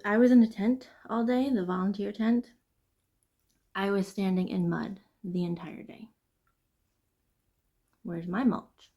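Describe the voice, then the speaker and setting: A woman hosting a casual knitting vlog, chatting and venting in an animated, chatty way. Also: medium pitch. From Midwest United States. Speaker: knitting podcast host. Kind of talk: casual chat.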